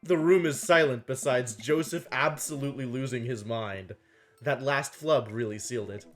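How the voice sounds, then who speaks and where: A man playing a story game aloud, reading narration and dialogue with animated delivery and frequent laughter. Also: moderate pace, faint music behind. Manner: animated, laughing often, jumps into higher voices for characters. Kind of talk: casual game playthrough with read-aloud voices.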